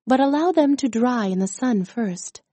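A woman reading aloud, voicing a gracious and kindly female fairy queen in a gentle, regal storybook manner. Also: a little high, expressive, normal speed, no room sound.

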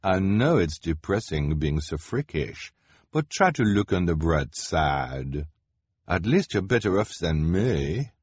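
A man voicing a shy, sad young woman who sighs and talks in a soft, self-pitying way. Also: sits low, big pitch swings, slow pace, breathy edge, dry recording, exaggerated voice. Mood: mournful.

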